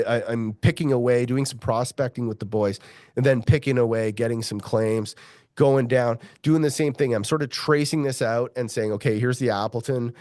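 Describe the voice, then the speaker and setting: He's a middle-aged man with a profane, animated storytelling style who keeps slipping into the voices of the people he quotes. His voice sits at an ordinary pitch, and the recording is dry and close, with no room sound behind it. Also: dry recording. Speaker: mining geologist guest. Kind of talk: storytelling interview.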